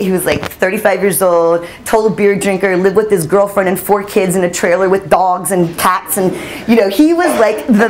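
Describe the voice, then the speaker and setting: Lively woman telling stories at a talk. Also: medium pitch, noisy background. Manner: lively, laughing, acts out quoted voices. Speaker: journalist speaking at a storytelling summit. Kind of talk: animated storytelling talk. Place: conference hall.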